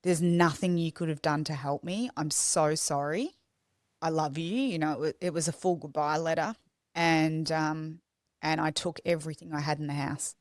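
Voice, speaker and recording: A woman's voice: sits low, fairly even intonation, normal speed, no echo, studio quality. A young woman, a podcast guest, telling her story in a raw, confessional way with many restarts. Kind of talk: candid personal storytelling.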